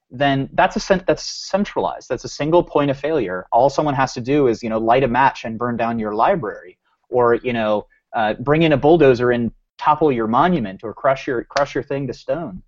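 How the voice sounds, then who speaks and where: A man's voice: medium pitch, moderate pace. Rambling man on a lo-fi podcast. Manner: rambling, with many restarts and fillers. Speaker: podcast co-host. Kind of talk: casual podcast discussion.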